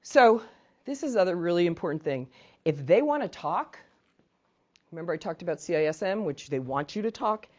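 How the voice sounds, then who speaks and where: A woman with a lower voice runs a training workshop in a chatty, conversational way. She keeps checking in with "right?" and acts out short sample lines. The recording is dull and lo-fi. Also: lively intonation, normal speed, a little mellow. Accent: New England. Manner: conversational, often asks "right?". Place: training room.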